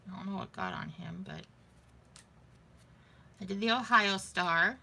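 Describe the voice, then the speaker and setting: A woman's voice: mid-range voice, unhurried, creaky, bright, forceful tone, breathy edge. A woman vlogging in a casual, rambling way, thinking aloud as she shows her beadwork. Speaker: vlogger showing beading crafts. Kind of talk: casual chat.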